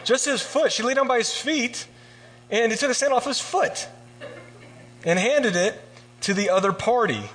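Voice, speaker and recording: A man giving a casual, joking sermon, retelling scripture and acting out the characters in quick voices. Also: very high-pitched, a bit bright. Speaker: preacher.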